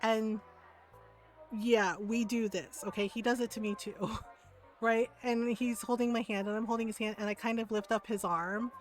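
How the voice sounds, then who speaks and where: A woman streamer telling a funny story in casual chat, animated, laughing often and tagging lines with "right?". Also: a little high, normal speed, faint music behind. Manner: animated, laughs often, many fillers and tag questions.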